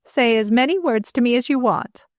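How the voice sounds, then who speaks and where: A woman's voice: a little high, very animated, unhurried, no room sound, clean studio sound, voice pushed up. A woman reading an audiobook, voicing a proud society mother, haughty and indignant. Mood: gentle.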